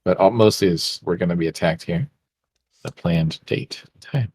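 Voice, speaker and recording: Deep-voiced man playing a tabletop game. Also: moderate pace, darkish tone, husky, no room sound. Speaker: player. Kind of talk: casual tabletop play.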